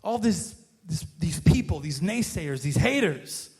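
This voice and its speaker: A man's voice: fairly high pitch, sing-song, measured pace, breathy edge. A man preaching a casual, conversational sermon as a pastor, earnest and informal, often tossing in "man" and "right?" and restarting his sentences.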